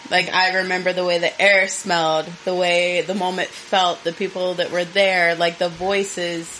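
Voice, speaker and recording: A woman's voice: fairly low pitch, slight background noise, rough recording. Blunt, swearing woman podcast co-host. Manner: blunt and profane, animated. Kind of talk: casual chat.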